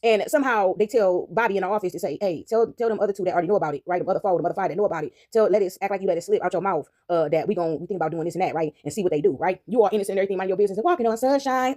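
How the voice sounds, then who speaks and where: A woman's voice: mid-range voice, racing, darkish tone. A woman in casual vlog chat while working dough, rambling and checking in with "right?" after nearly every phrase. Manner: rambling, repeats "right?" often. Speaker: vlogger. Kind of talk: casual talk while baking.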